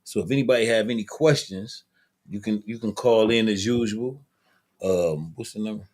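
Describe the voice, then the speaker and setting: A man's voice: lowish voice, moderate pace, a little mellow. A man hosting a call-in talk show, speaking in a loose, friendly way with many fillers and restarts. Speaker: show host.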